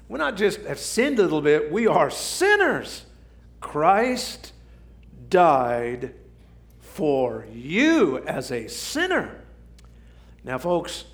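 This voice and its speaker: A man preaching a sermon, swinging from shouting to near whisper for drama. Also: fairly high pitch. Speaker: pastor.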